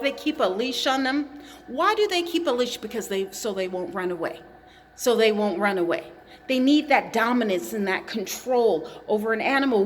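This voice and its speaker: A woman's voice: sits high, fairly bright tone, big-room sound, a little hiss or hum. A woman talking straight to the camera in an impassioned monologue, with emphatic, accusatory phrasing and pointed repetition. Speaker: vlogger.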